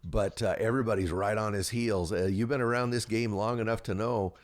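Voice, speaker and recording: A man's voice: fairly low pitch, fairly even intonation. A man hosting a sports podcast, chatty and friendly as he interviews a coach. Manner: friendly, chatty, quick to laugh along. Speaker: podcast host.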